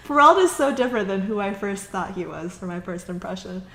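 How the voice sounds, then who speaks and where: A woman's voice: mid-range voice, bright, forceful tone, a little hiss or hum. A woman hosting a let's play, reading a visual novel aloud with amused asides. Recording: echoey room with music.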